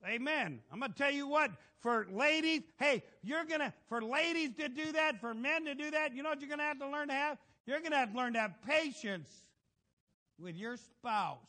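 High, bright-voiced man preaching a sermon. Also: moderate pace. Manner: folksy, animated, calls for amens.

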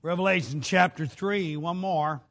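Man preaching, folksy, bursts of shouting and low asides, high voice. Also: steady tone, unhurried, creaky. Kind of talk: sermon.

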